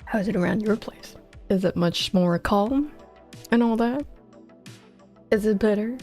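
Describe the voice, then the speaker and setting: Faint background music plays softly as a woman codes her game on a livestream, her darkish, medium-pitched voice moving at a measured pace. Close on her headset mic, the game dev streamer sounds weary, her casual chat scattered and self-mocking.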